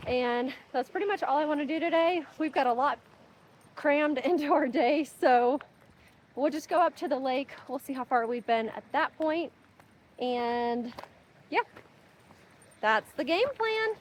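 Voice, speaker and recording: A woman's voice: sits high, measured pace, long pauses, a little hiss or hum. A young woman narrating her hiking vlog outdoors on a mountain trail, chatting upbeat to viewers and her dog. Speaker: vlogger.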